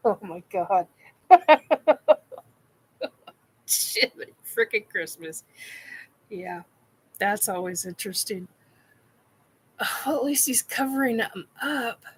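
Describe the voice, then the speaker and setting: A woman's voice: medium pitch, expressive, takes it slowly, long pauses, slightly rough. A woman hosting a casual live chat, giddy, laughing often and swearing while she answers comments. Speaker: live stream host. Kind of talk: casual live chat reacting to a painting video.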